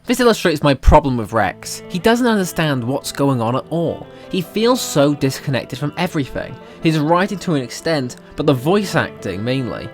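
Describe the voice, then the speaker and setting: Welsh male YouTuber, casual commentary, emphatic and sarcastic, very lively pitch, light music bed. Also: normal speed, hardly any pauses. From Wales. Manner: animated, sarcastic, emphatic, swears freely.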